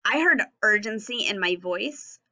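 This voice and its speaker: Slow, bright-voiced woman teaching young children. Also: mid-range voice, lively intonation, dull audio. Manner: slow, clearly enunciated teaching voice, sounding words out. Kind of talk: recorded phonics lesson for young children.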